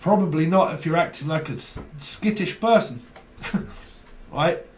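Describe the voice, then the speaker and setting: A man giving a casual tarot reading on video, emphatic and dramatic, often checking in with a quick question tag. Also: a little high, slight background noise. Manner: emphatic, dramatic, keeps asking "right?". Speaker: tarot reader. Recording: echoey room.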